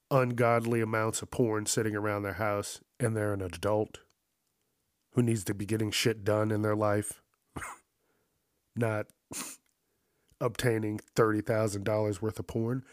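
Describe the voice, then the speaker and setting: A man's voice: fairly low pitch, fairly even intonation, a little slow, long pauses, dry recording, clean studio sound. A man giving casual, profane commentary on an odd news story, incredulous and laughing often.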